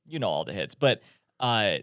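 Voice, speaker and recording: A man's voice: fairly low pitch, very animated, normal speed, bright, forceful tone, smooth, no echo, clean studio sound. A young man, a wedding DJ, chatting on a podcast in an easygoing, hesitant way, with many fillers. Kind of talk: casual podcast chat.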